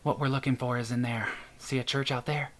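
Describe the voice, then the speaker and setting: A man's voice: mid-range voice, fairly even intonation, brisk, a bit bright, close to an everyday voice. A man voicing a stern female doctor who speaks tersely and dryly. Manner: terse and dry.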